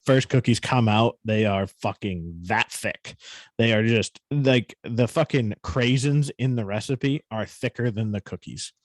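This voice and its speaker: A man's voice: on the low side, unhurried, no echo. A man co-hosting a podcast, telling a story in casual, profane chat with a New England accent. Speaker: podcast co-host.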